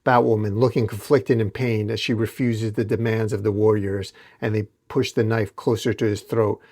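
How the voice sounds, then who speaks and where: A man hosting a comic book channel, narrating a dramatic comic recap in a steady storytelling manner. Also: lowish voice, normal speed.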